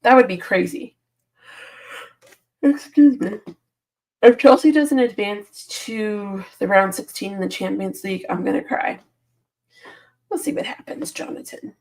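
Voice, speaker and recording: Sleepy woman on a morning live stream, reads chat out and laughs a lot, mid-pitched voice. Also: steady tone, a little slow, pauses often, darkish tone. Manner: reads viewer comments aloud and answers them, laughs often. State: sleepy, yawning early in the morning. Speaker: football channel host reading live chat.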